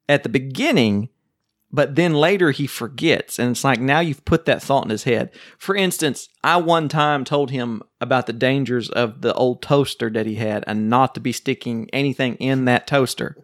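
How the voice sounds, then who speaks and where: A man hosting a board game podcast, chatting casually and telling rambling, joking stories. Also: medium pitch. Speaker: podcast host. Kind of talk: casual chat.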